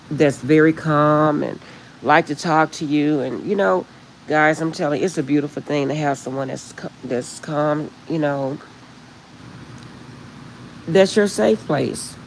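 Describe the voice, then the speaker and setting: Middle-aged woman streaming from her phone, chatty and rambling with frequent laughs, gravelly undertone, faint background hiss. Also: sits low, unhurried, rough recording. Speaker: livestream host. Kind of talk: casual chat with live viewers.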